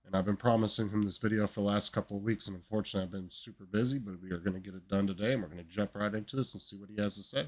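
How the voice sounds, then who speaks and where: Deep-voiced man hosting a reaction video. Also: fairly even intonation, racing, few pauses. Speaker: host.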